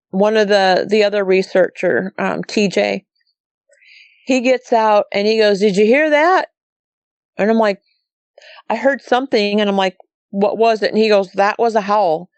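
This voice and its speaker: Middle-aged montana woman telling a story, rambly, dry close mic, normal pitch. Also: dry recording. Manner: rambling, quotes herself and others. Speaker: guest recounting a sighting. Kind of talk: casual storytelling.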